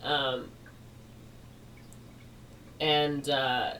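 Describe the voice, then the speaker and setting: Low-voiced woman chatting from a distance. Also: flat delivery, very slow, fairly bright tone. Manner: rambling, filler-heavy with frequent "like" and laughs. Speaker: podcast co-host. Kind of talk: casual chat retelling a movie plot. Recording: distant mic with faint noise.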